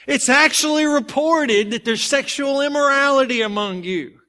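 This preacher's voice is very high-pitched, his pace moderate. He opens his sermon with a story from his own life, then moves on to read scripture and unpack it with lively, conversational energy.

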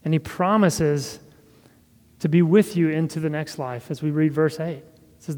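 A man preaching a sermon as pastor, earnest and measured, with a soft laugh now and then. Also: on the high side, steady tone, long reverb tail.

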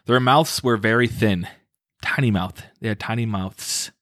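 A man's voice: lowish voice, a little slow, a bit bright, no room sound, studio quality. A man hosting a casual podcast, reading a story aloud and breaking off for jokey asides.

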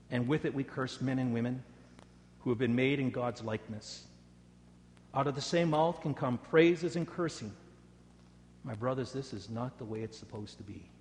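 A male pastor preaching a sermon, telling stories dramatically and dropping to a soft voice for prayer. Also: medium pitch, moderate pace, big-room sound, a little hiss or hum. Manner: dramatic storytelling, rising loud for quoted taunts, dropping soft for prayer.

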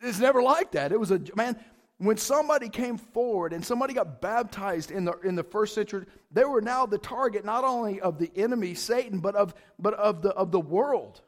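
A male pastor delivers a casual, conversational sermon in a notably high voice. He keeps checking in with "right?" and swells loudly when he drives a point home. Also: a little fast. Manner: animated, rises loud for emphasis; high-pitched voice.

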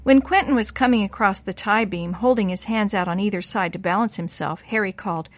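A woman's voice: mid-range voice, a little fast, few pauses, dry recording. Woman reading a children's story. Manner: lively voices for the boys' lines. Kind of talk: scripted storybook narration.

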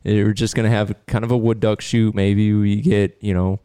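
A man hosting a podcast, telling a long story in a casual, animated way and laughing now and then. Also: on the low side, normal speed, clear, resonant tone, no room sound, studio quality. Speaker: podcast host and dog trainer.

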